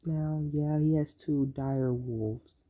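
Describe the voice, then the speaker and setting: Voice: mid-range voice, fairly even intonation, slow, dark tone. A storyteller casually narrating an improvised fan-fiction story, rambling with many ums and "so, yeah" fillers.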